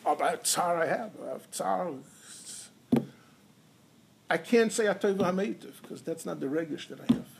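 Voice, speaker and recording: A man with a high, gravelly voice teaches a Torah class, sliding Hebrew and Yiddish terms into his English. He lifts his voice for emphasis and acts out little stories with quoted dialogue. A faint hum of room ambience sits behind him. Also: lively intonation, moderate pace. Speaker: rabbi teaching halacha. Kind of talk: Torah lecture.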